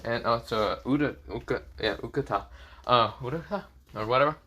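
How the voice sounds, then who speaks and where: A man narrating his own fan-fiction story off the cuff, rambling along with lots of fillers and repeated phrases. His voice sits at a middling pitch and sounds relaxed and unscripted. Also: normal speed.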